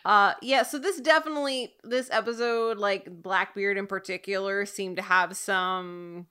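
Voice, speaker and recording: A young woman breaks down a TV episode in a thoughtful, analytical way during a casual chat. Her voice has a bright, crisp edge at a middle pitch. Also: steady tone, normal speed. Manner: analytical, weighs characters thoughtfully. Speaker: podcast co-host.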